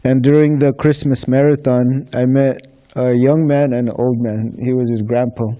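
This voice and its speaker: Very mellow-voiced man telling stories. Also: medium pitch, level tone, moderate pace, highs cut off. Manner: acts out dialogue, chuckles between stories. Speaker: book distributor sharing experiences. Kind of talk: casual anecdotal storytelling to a congregation.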